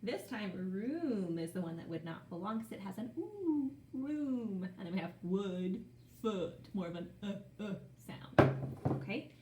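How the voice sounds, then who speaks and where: A woman teaching young children phonics, sounding out words slowly in a playful, sing-song way. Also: medium pitch, big pitch swings, echoey room, noisy background.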